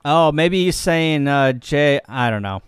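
Slow, smooth-voiced man rambling on a live stream. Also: fairly high pitch, animated, dry recording, studio quality. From Missouri, USA. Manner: rambling, joking and easygoing, thinking aloud while operating. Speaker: ham radio operator and live streamer. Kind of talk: casual live-stream chat.

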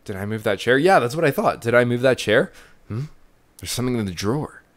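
A man's voice: mid-range voice, lively intonation, brisk. A man giving casual let's-play commentary, thinking aloud as he explores. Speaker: let's player. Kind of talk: gaming commentary.

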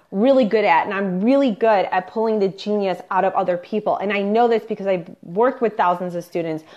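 A woman business coach on an unscripted live stream, chatty and pushy, peppering her talk with "like" and "you guys". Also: mid-range voice. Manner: upbeat and pushy, coaching the viewers directly. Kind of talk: unscripted Facebook live training. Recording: slightly dull lo-fi livestream audio.

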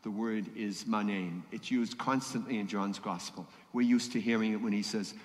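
Older priest in echoing church. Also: male voice, fairly low pitch, moderate pace. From Boston area. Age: 70s. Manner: conversational, rhetorical questions to the congregation. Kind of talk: homily at Mass. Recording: long church reverb.

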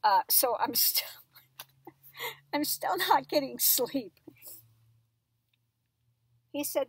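A tarot reader, a woman, chatting casually at home in a rambling way and cooing softly to her dog in between. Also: a little high, animated, slow, long pauses, husky. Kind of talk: casual chat.

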